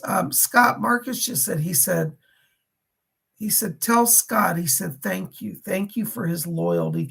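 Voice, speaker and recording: A man with a gravelly, raspy voice hosts live psychic readings. His pitch swings up and down as he relays spirit messages and thanks viewers by name. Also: a bit bright. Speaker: psychic medium on a livestream.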